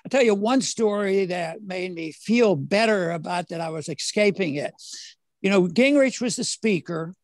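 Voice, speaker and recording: An older man, a former congressman, talking as an interview guest in a halting way with many fillers, restarts and the odd chuckle. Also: high-pitched, no room sound. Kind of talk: casual interview conversation.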